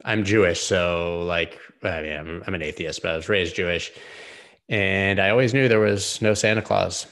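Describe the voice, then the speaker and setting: A man hosting a live stream, analysing trading charts in a casual, joking, rambling way with quick asides. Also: low-pitched, a bit bright.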